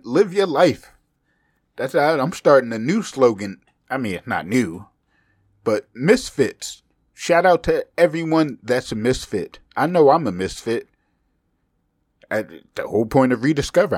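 A man's voice: medium pitch, no echo, clean studio sound. A young man hosting his own podcast, talking loosely and profanely in a rambling, self-mocking way, with a slight speech impediment. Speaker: podcast host. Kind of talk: casual solo podcast monologue.

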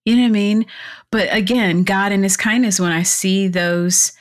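A woman's voice: mid-range voice, moderate pace. A woman being interviewed as a podcast guest, a clarity coach and fitness instructor, chatting casually, laughing often and acting out quotes as she tells stories. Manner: animated storyteller who laughs often and acts out quotes.

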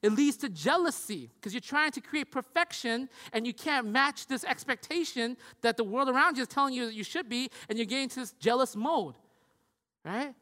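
Preaching conversationally, a pastor speaks at a moderate pace in a very high-pitched voice that sounds pushed and bright, with lively intonation. He often asks "right?" and voices the characters he describes, heard through long hall reverb.

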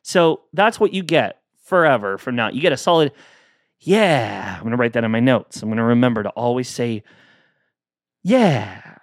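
A man's voice: medium pitch, fairly quick, dry recording, clean studio sound. A man hosting a casual solo podcast, chatting playfully and acting out both sides of imagined exchanges.

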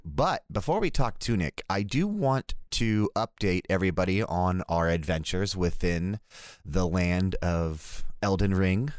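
A young man hosting a podcast in casual chat, upbeat and rambling, reeling off plugs quickly. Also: low voice, lively intonation, smooth, no room sound, studio quality. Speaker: podcast host.

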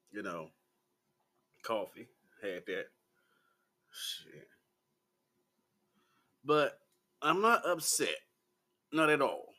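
A man in his forties with a Southern American accent, ranting bluntly and profanely to the camera in a slow, laid-back vlog. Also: medium pitch, pushed and bright. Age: 40s. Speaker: vlogger.

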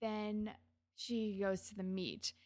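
A woman's voice: medium pitch, little pitch movement, takes it slowly, a little mellow, dry recording. A woman co-hosting a podcast, retelling a TV episode casually and acting out the characters' lines. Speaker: podcast co-host. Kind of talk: casual chat recapping a TV episode.

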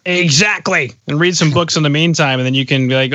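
A podcast host in his thirties talks in a rambling, reflective way with jokes mixed in during a casual interview chat. His voice sits on the high side, brisk and sharp-toned. The recording is dull and lo-fi, dry and close.

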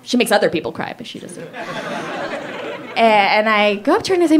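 A young adult woman telling a personal story to an audience, chatty and full of "like", acting out quoted lines with big jumps in pitch. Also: very animated, normal speed, pauses often, a faint crowd.

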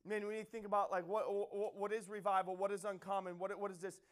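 A man preaching a sermon with passion, repeating phrases and building to loud emphatic peaks. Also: high-pitched, level tone, fast.

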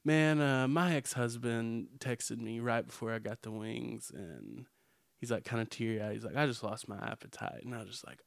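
A man's voice: mid-range voice, normal speed, gravelly, no echo. Podcast guy rambling thru a story, laid back, dry close mic. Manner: rambling storyteller, laughs while telling. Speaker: podcast co-host. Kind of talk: casual chat.

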